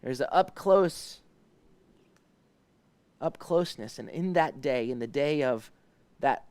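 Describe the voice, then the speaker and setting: A man, a pastor, leading a live devotional Bible study. He paraphrases verses in a soft, pleading voice and explains Hebrew words with many restarts. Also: mid-range voice, animated, takes it slowly, clear, resonant tone, no echo.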